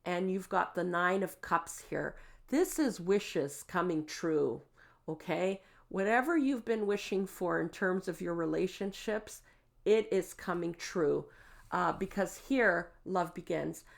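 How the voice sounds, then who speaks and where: A woman giving a tarot card reading, gentle and reassuring, with frequent fillers and "okay?" check-ins. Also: lowish voice, lively intonation, takes it slowly, creaky. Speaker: tarot reader.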